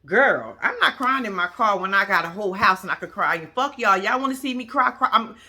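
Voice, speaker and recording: A woman's voice: mid-range voice, expressive, brisk, pushed and bright. A woman giving blunt, profane, casual reaction commentary to her viewers. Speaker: reaction vlogger.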